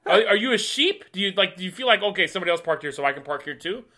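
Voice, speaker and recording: A middle-aged man co-hosts a casual podcast, his bright, forward voice climbing in pitch and volume as he rants. He talks loosely and animatedly, piling up rhetorical questions. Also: rapid-fire. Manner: animated ranting, rising loud with exasperation. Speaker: podcast co-host. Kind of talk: casual chat.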